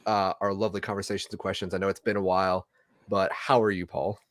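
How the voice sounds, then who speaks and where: A man's voice: low-pitched, flat delivery, fast, no echo, clean studio sound. A man hosting a casual livestream chat, joking through his introductions. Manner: jokey, playful introductions. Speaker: podcast host.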